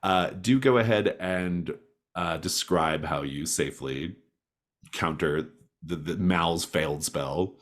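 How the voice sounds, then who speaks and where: A man's voice: sits low, takes it slowly. A man narrating as game master in a playful, hesitant way. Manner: hesitant, playful, many restarts.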